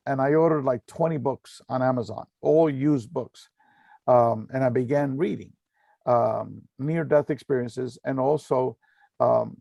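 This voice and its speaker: A man's voice: mid-range voice, gravelly, a little mellow, no room sound. A middle-aged man earnestly telling a personal story in a talk, with many fillers and repeated phrases. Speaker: speaker giving a talk.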